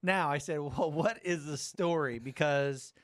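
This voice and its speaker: A middle-aged man hosting a podcast, telling a story in casual chat, animated, swearing and acting out quotes. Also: fairly high pitch, unhurried, dry recording, clean studio sound. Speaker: podcast host.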